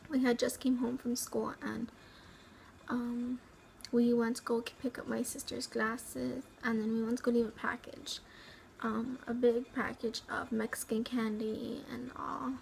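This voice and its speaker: A woman from the Rio Grande Valley in Texas, telling a personal story at home in a halting, rambling way, full of ums and likes, sometimes dropping to a near whisper. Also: fairly high pitch, flat delivery, vocal fry, a little mellow, a little hiss or hum, rough recording. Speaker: vlogger.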